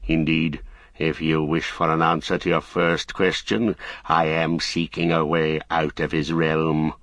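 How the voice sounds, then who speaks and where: A man voicing a bitter, fallen old wizard who talks slowly and mockingly, in an audiobook reading. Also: very deep voice, level tone, a bit bright, no room sound, studio quality, full character voice. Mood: scornful. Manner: slow, sneering, mocking.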